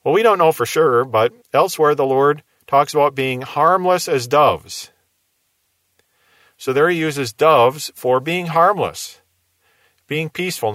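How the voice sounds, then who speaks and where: A man teaching through Bible verses in a measured, explaining way, often asking rhetorical questions. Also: on the high side, a bit bright, no room sound.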